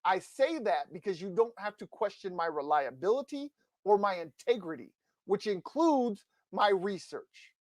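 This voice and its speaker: A man co-hosting a sports podcast goes on a passionate rant into a close mic, emphatic and combative. His voice is high yet darkish in tone, animated at a normal speed, with no echo.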